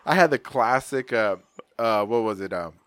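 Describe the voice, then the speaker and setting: A man's voice: lowish voice, lively intonation, normal speed, a bit bright. A man hosting a podcast, telling stories in a rambling, profane, slangy way. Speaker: podcast host. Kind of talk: casual chat.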